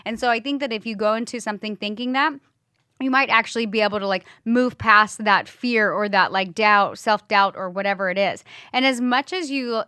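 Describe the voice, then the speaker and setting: A woman's voice: medium pitch, brisk, pushed and bright, smooth, dry recording, clean studio sound. A woman hosting a casual podcast, telling candid stories with blunt swearing and acted-out quotes. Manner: candid storytelling, swears freely, acts out quotes. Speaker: podcast host, hair educator.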